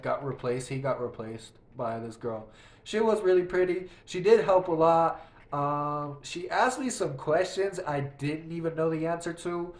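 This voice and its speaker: A young male vlogger with a fairly high voice rambles through a story while playing a game, casual and profane, often restarting his sentences. The sound is reverberant.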